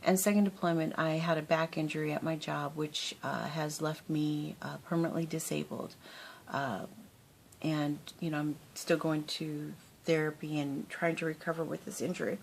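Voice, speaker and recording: A woman with a notably low voice talks casually to her viewers about crafting. She rambles from story to story and laughs often. A faint low rumble sits under her voice. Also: steady tone, moderate pace, vocal fry. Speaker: crafting vlogger. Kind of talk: casual chat to camera.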